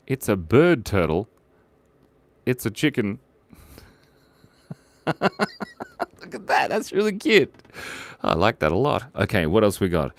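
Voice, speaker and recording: A middle-aged man hosting a casual live drawing stream, chatty and playful as he reads out viewer suggestions. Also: low-pitched.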